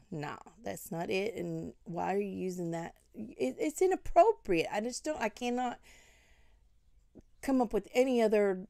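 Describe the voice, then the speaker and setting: A woman's voice: medium pitch, creaky, a little mellow, dry recording, studio quality. A woman scolding another online creator in a commentary vlog, indignant and full of rhetorical questions. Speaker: commentary vlogger.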